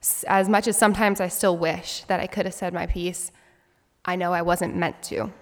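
A woman's voice: on the low side, fairly even intonation, moderate pace. A woman in her twenties telling a personal story as a speech, in an earnest, reflective way. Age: 20s. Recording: long hall reverb.

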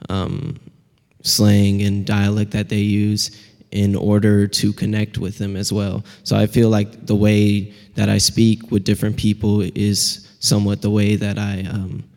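A young man with a Pacific Northwest accent, speaking as a student panelist in a measured way with many filler words. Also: on the low side, completely flat delivery, darkish tone. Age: young adult. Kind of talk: panel discussion. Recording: reverberant hall.

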